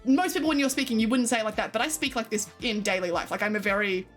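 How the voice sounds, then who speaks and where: A young woman streaming live, chatting in a high, bright-sounding register with big exaggerated emphasis. She swears casually and laughs often, and a little music plays softly behind her. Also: fast talker. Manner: exaggerated, expressive delivery.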